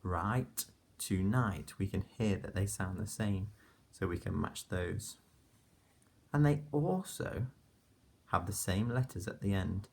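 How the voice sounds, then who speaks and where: Slow, husky teacher sounding out phonics. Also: male voice, deep voice, darkish tone. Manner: slow, patient, sounding out letters and praising. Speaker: primary school teacher. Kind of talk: phonics lesson for young children.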